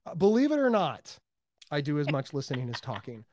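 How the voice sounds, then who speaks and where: An American man being interviewed as a mental health advocate, speaking emphatically and with high energy, repeating words for stress. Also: huge pitch swings, fairly quick, darkish tone. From United States. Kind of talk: animated interview talk.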